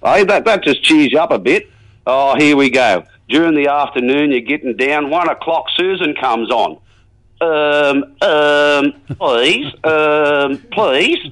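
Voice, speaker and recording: A man's voice: fairly high pitch, lively intonation, slow, fairly bright tone, poor audio. A man playing a folksy, matey rural bloke with an Australian accent, phoning in to a comedy radio sketch. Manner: rambling, folksy, jokey. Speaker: regular caller.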